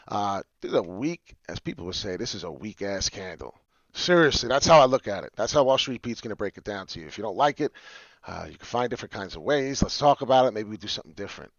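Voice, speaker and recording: A man hosting a casual crypto chart video, excitable and prone to loud rants. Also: on the low side, fast, no room sound. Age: adult with a young child. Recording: dull lo-fi audio.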